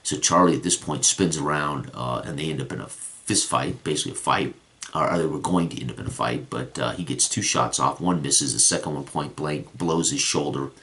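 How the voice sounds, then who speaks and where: Very deep, gravelly male game master. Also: fairly quick, bright, forceful tone. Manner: rambling storytelling with frequent restarts. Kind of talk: recapping a tabletop game session.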